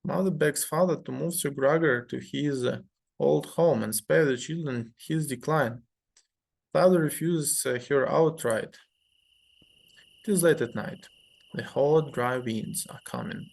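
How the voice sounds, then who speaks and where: A man reading a narrative game aloud and thinking through its choices. He speaks slowly and deliberately, with a rough, gravelly texture to his voice and frequent small pauses. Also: fairly high pitch. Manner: measured reading with fillers and restarts. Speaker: game streamer reading the story.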